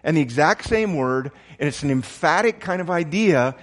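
This middle-aged pastor preaches a sermon in a fairly high, expressive voice at an unhurried pace. He often restarts and repeats words, and his volume jumps suddenly for emphasis.

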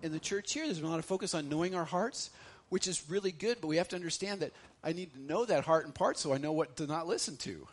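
Middle-aged male pastor, fairly high voice with a husky edge, dramatic sermon delivery, repeats himself, loud then hushed. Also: quick pace, few pauses.

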